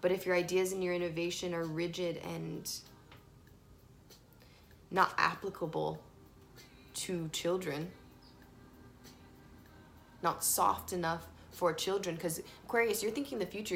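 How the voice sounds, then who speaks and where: A woman giving a casual, emphatic tarot reading, swinging between soft and loud. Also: lowish voice, fairly even intonation, moderate pace, vocal fry, pauses often. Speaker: tarot reader. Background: faint playlist music.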